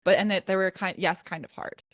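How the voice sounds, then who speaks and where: A woman's voice: fairly low pitch, fairly even intonation, fairly quick, no echo, studio quality. A woman hosting a podcast in casual chat, rambling and giggling, with many restarts. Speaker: podcast host.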